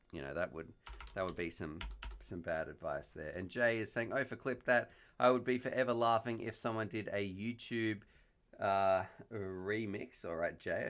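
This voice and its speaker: Here a man with a mid-range, fairly bright voice runs a laid-back live stream through a headset mic. He keeps up a chatty, joking manner and reads viewers' questions and messages out loud.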